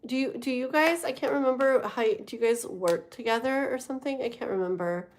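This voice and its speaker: A woman's voice: a little high, brisk. A woman hosting a live tarot stream, chatting casually to viewers, rambling with lots of fillers and frequent laughs. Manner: rambling, many fillers and trailing thoughts; talks to chat viewers, laughs often.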